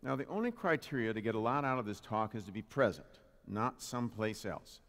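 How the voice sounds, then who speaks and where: A man's voice: lowish voice, lively intonation, a little fast, fairly bright tone. Playful man preaching in a reverberant hall. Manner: playful, jokey, engages the audience. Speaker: spiritual practitioner giving a talk. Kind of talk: humorous Father's Day sermon. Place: congregation hall with live audience. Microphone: handheld or stand microphone.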